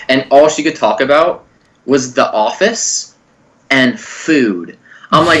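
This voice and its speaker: A man's voice: medium pitch, lively intonation, moderate pace, fairly bright tone. A young man co-hosting a comedy podcast, rambling through a crude dating story with a lot of swearing. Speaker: podcast co-host.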